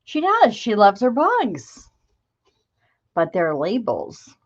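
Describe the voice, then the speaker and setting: A woman hosts a crafting livestream, chatting casually, greeting viewers by name, and gushing over the craft supplies she shows. Her medium-pitched voice swings hugely in pitch at a slow pace, and the highs are cut off.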